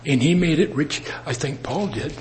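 A man preaching a sermon in an earnest manner, with emphatic rises and soft drops. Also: fairly high pitch, moderate pace, slight background noise. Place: assembly worship.

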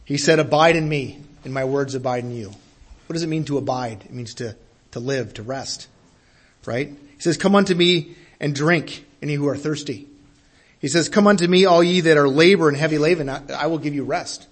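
A man's voice: a little high, normal speed. A man preaching a sermon in an earnest way, repeating his phrases and building to emphatic peaks.

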